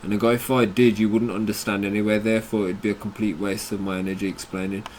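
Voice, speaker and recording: A man's voice: lowish voice, level tone, fast talker, darkish tone, a little hiss or hum. Blunt, combative British man. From United Kingdom. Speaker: crypto channel host. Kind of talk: ranting commentary on a chat.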